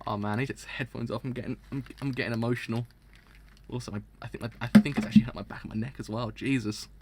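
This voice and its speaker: A man's voice: medium pitch, fairly even intonation, quick pace, heavy background noise. A young man streaming a live reaction, talking with dramatic, exaggerated mock outrage and frequent laughter.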